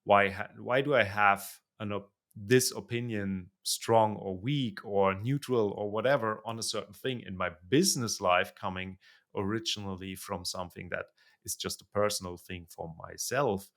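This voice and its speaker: Male podcast host with a low, gravelly voice. Hesitant and searching for words. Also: moderate pace, fairly bright tone. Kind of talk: conversational interview.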